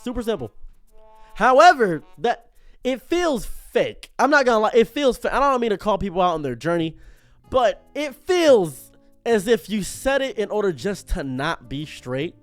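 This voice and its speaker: A man giving an unscripted commentary monologue as a streamer, animated and prone to tangents, often stopping himself mid-sentence. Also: sits high, normal speed, no echo, soft background music.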